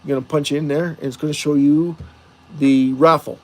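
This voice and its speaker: A man's voice: a little high, flat delivery, normal speed, a little mellow. A man hosting a livestream, rambling and putting rhetorical questions to the chat. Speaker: livestream host. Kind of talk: casual livestream talk to chat viewers.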